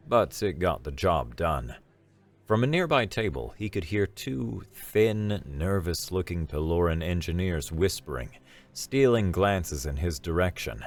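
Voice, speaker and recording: A man with a very deep voice narrates a scripted science fiction story. His delivery is slow and even, keeping a steady storytelling pace.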